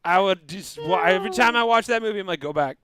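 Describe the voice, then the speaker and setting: Jokey guy guesting on a podcast, high bright voice, bounces all over, dry sound. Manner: animated, jokey, acts out quick silly voices. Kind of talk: casual chat.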